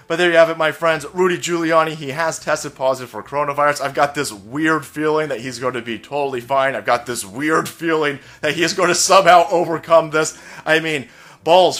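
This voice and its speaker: An American man delivering a profane, mocking comedy rant on a vlog. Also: fairly bright tone. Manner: profane, mocking, mimics opponents in shrill high voice. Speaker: comedian and political commentator. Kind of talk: ranting vlog monologue.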